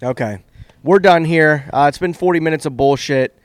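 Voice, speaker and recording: A man's voice: on the high side, moderate pace, dry recording. A tipsy man co-hosting a casual hockey podcast, blunt and full of swearing. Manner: profane, blunt. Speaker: podcast co-host. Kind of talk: drunk casual hockey chat.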